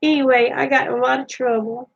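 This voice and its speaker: A woman with a high, slightly husky voice, spinning folksy childhood stories in a chatty way. The recording sounds dull and lo-fi. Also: fairly even intonation, quick pace. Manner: folksy, chatty, laughs at her own stories. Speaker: vlogger. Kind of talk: casual storytelling.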